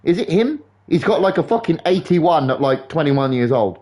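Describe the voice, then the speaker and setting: A young man chats casually while streaming a game live. His voice sits a little high, and his football banter rambles along, animated and full of swearing. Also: moderate pace.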